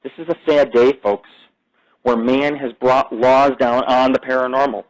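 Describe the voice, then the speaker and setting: A male podcast host rambles through a casual, unscripted monologue, swearing freely and jumping from topic to topic in a loose, conversational way. His pitch sits in the middle of the male range, with a steady tone and moderate pace. The recording is low quality.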